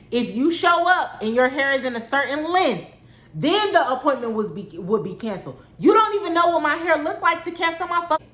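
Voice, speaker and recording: A young woman telling a story to camera in a casual, indignant, exasperated way. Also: a little high. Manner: animated, indignant, exasperated, frequent "like". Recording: echoey room.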